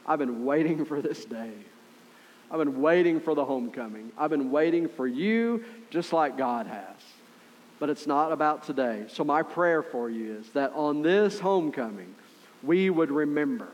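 A man's voice: fairly high pitch, animated, normal speed, dull audio. Earnest conversational male pastor. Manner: conversational and earnest, with frequent "right?" asides. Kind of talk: sermon.

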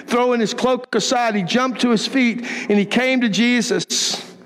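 Pastor, male, high voice, fervent sermon delivery, echoing sanctuary. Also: moderate pace. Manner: emphatic, impassioned preaching. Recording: long hall reverb.

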